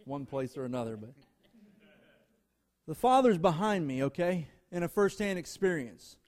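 This guest preacher has a slightly high, darkish voice with big pitch swings and speaks at normal speed to the congregation. He is emphatic, pressing his message in rhythmic short-phrase lists and addressing the listeners head-on.

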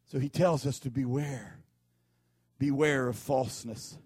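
A man's voice: medium pitch, steady tone, a little slow, a little mellow, husky, no room sound, studio quality. A man preaching a sermon as pastor, telling folksy stories and repeating his warnings with emphasis.

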